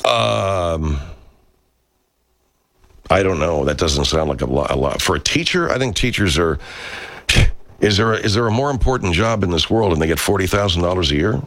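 A middle-aged man with an extremely deep, gravelly voice talks off the cuff to his viewers like the radio host he is. He rambles, curses easily, and swings his pitch around with lively energy. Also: normal speed, pauses often. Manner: rambling, profane and animated. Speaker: radio talk show host. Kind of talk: casual live chat answering viewer comments.

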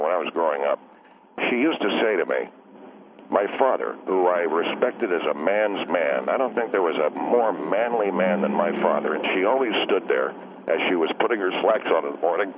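A man calling in to a radio show, rambling and quick to take offense. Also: low-pitched, animated. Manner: rambling, touchy and defensive. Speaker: caller. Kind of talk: call-in radio chat. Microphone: telephone. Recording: tinny phone line, faint hiss.

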